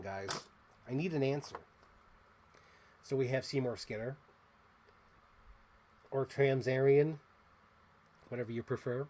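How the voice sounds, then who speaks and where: A man hosting a casual toy unboxing, chatty and excitable as he gushes over what he shows. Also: mid-range voice, normal speed, pauses often, slight background noise. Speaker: host.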